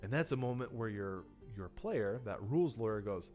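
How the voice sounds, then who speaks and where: A man's voice: lowish voice, animated, moderate pace, few pauses, darkish tone, faint music behind. A man on a livestream teaching how to write horror for tabletop role-playing games, talking loosely and conversationally and acting out players' reactions. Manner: loose and conversational, with many fillers and restarts. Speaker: tabletop game design teacher. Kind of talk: livestreamed workshop talk.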